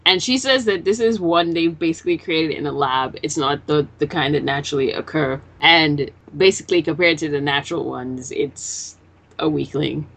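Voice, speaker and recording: Recapping a manga chapter in a relaxed podcast chat, this woman co-host acts out characters' dialogue and curses casually. Her deep voice is gravelly and a bit bright, at a normal speed.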